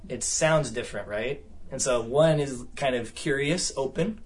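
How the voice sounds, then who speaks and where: A man's voice: medium pitch, normal speed, hardly any pauses, breathy edge. A man speaking at a counseling seminar, talking conversationally and often checking in with the room. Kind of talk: seminar talk with audience discussion.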